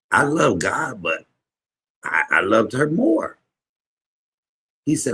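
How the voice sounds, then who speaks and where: Husky preacherly man on a livestream. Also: sing-song, takes it slowly, long pauses, pushed and bright. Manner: preacherly, call-and-response to viewers; swings from low murmurs to high exclamations. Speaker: livestream host, comedian. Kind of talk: emotional testimony on a livestream.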